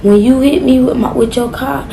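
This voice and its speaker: A woman tells a personal story straight to the camera. Her voice sits a little high, and she acts out each quoted line with lively shifts. A faint hiss of noise sits under the recording. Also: moderate pace, creaky. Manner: animated, acts out quotes, slangy. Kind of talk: casual storytime monologue.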